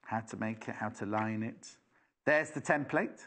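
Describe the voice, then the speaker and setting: A man's voice: fairly low pitch, moderate pace, fairly bright tone. A British man presenting live on a TV shopping channel, chatty and enthusiastic with rambling asides.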